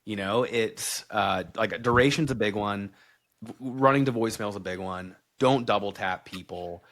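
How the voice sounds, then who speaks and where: A man's voice: on the low side, normal speed, fairly bright tone. A man guesting on a podcast, speaking candidly and bluntly in a casual way, full of "like".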